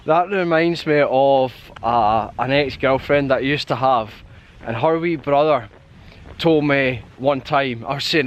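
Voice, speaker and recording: A man's voice: medium pitch, unhurried, dull audio. A young Scottish man chatting and telling stories while hiking outdoors, laughing often. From Scotland. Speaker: hiking vlogger. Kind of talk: casual chat while hiking. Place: outdoors on a hill trail.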